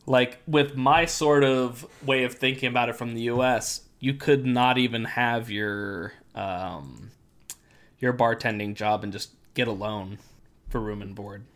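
Man explaining, voice going hoarse. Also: medium pitch, a little slow. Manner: relaxed, explanatory, many fillers. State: losing his voice. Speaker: podcast host. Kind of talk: casual podcast chat.

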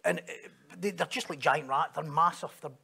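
A Scottish man preaches a sermon in a high, gravelly voice. He tells stories, jokes along the way and acts out the people he quotes. It is a lively sermon to a congregation. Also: fairly quick.

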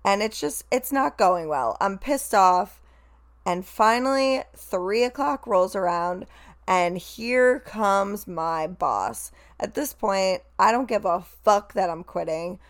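A young woman telling a frank story about her workday, casual and animated, swearing freely and acting out what others said. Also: mid-range voice, slow pace.

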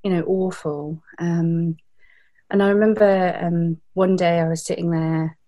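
British woman, 30s, interview guest; warm, darker tone, heartfelt and reflective. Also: on the low side, steady tone, a little slow. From Britain. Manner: reflective, heartfelt, with frequent fillers. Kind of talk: candid interview storytelling.

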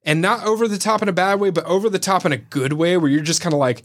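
A man's voice: high-pitched, fast talker. A man co-hosting a podcast, chatting casually about movies with jokes and loose tangents. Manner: joking, rambling movie talk. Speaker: podcast co-host. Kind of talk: casual chat.

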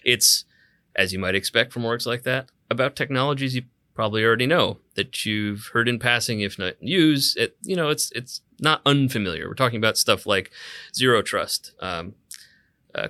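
A man's voice: fairly low pitch, pushed and bright, no room sound. A man co-hosting a podcast, giving an analytical take with some repeated words at the start of sentences. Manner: measured, stammers at starts, analytical. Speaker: podcast co-host. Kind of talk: casual technical discussion.

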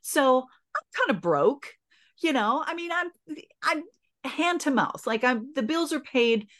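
A woman's voice: high voice, expressive, measured pace, a bit bright. A middle-aged woman, a podcast guest, telling a personal story in an earnest, emotional way, with many restarts.

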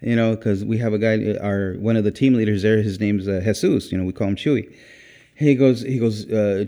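A man's voice: on the low side, moderate pace, warm tone. A man giving an informal, earnest sermon, rambling and repeating himself, dropping in "praise God.". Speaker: preacher.

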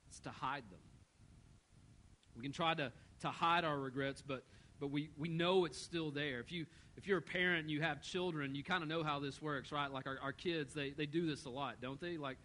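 Storytelling pastor, fairly high voice. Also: male voice, fairly even intonation, moderate pace, pushed and bright, low-quality recording. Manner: storytelling, acts out quoted voices. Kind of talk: sermon.

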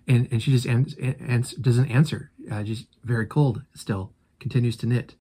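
A man's voice: medium pitch, fairly even intonation, normal speed, hardly any pauses, dark tone, slightly rough. A male host walks his audience through a classic novel in a casual commentary. He retells each scene animatedly and reacts to it as he talks.

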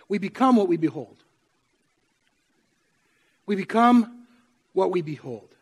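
A man preaching a sermon to his congregation in a church, conversational and often asking them questions. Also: sits high. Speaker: pastor. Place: church sanctuary.

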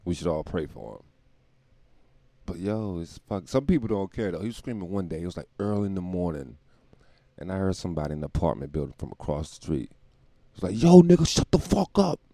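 A man's voice: deep voice, brisk, long pauses, mellow, dry recording. A man hosting a show, riffing in a rambling, irreverent comedic monologue with laughs and profanity. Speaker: podcast host.

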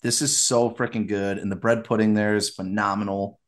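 Man, podcast host, casual chat, upbeat, opinionated, quick asides. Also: lowish voice, flat delivery.

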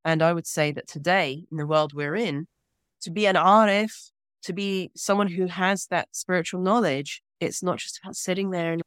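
A woman from Britain, a guest scholar speaking in a measured, earnest way with deliberate pauses in an interview. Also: on the low side, smooth, no echo, clean studio sound. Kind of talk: reflective interview talk.

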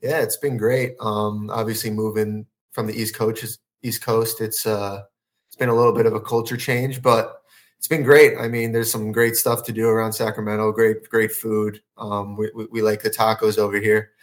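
A man's voice: lowish voice, little pitch movement, moderate pace. A man who is a professional soccer goalkeeper, answering in a laid-back, casual way on a podcast. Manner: laid-back, lots of "you know" fillers.

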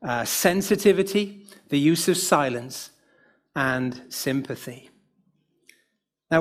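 A middle-aged British man with a voice on the high side preaches a gentle, pastoral sermon that includes a light humorous aside.

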